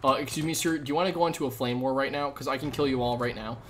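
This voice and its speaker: A young man live-streaming a game, chatting with viewers in a jokey, rambling way with sudden loud outbursts. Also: mid-range voice, fairly even intonation, racing, a little hiss or hum. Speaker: gaming streamer. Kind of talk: live gameplay commentary with chat.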